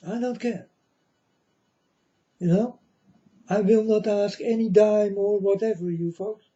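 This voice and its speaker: Slow, dark-voiced man preaching to viewers. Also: sits high, steady tone, highs cut off. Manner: slow, repetitive, keeps asking "you understand?". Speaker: channel host. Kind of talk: religious monologue to viewers.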